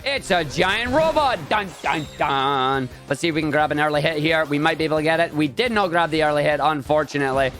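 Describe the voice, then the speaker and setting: A man giving chatty, excitable, jokey live commentary on his own speedrun. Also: on the high side.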